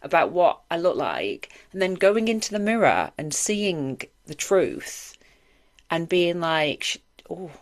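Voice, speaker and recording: A woman's voice: on the low side, sing-song, slow. A woman in her forties, co-hosting a podcast in earnest, reflective casual chat. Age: 40s. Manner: earnest and reflective, talks in long run-on thoughts. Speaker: podcast co-host.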